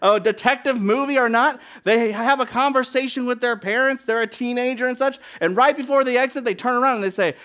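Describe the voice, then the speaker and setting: A man preaching a sermon, swinging between loud emphatic bursts and hushed, near-whispered lines. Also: very high-pitched, expressive, fairly quick, few pauses.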